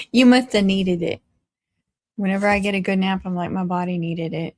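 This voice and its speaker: A woman's voice: mid-range voice, normal speed, darkish tone, no echo, clean studio sound. A woman hosting a crafting livestream, chatting casually and teasing her viewers with frequent laughs. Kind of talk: casual live-stream chat.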